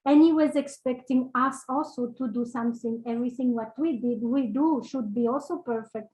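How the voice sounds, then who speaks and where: A woman sharing personal memories in casual, halting speech, searching for words with many fillers and little laughs. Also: a little high, mellow, rough recording. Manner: laughs between phrases. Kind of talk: casual spoken reminiscence.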